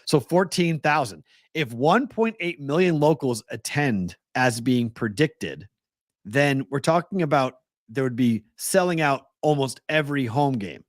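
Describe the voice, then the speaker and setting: Middle-aged Boston-accented sports talk co-host, chatty, laughs easily, very dry close sound. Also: male voice, mid-range voice, expressive, measured pace, no room sound. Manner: chatty storyteller, laughs often.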